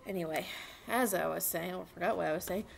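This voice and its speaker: A young woman vlogging at home, rambling excitedly with lots of fillers as she talks about racing. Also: on the low side, quick pace, vocal fry. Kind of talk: casual chat to camera. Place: at home with a dog.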